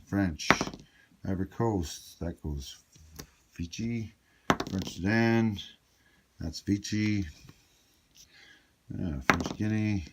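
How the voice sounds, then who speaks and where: A man's voice: sits low, very noisy. A man casually talking through a board game turn, thinking aloud with chatty asides. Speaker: board game player explaining a solo playthrough. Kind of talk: casual tabletop game walkthrough.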